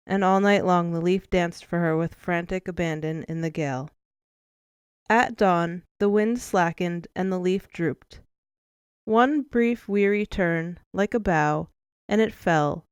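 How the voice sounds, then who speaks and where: A woman narrating an audiobook in a measured, expressive storytelling manner, close to the mic. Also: lowish voice, smooth, no echo. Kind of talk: scripted narration.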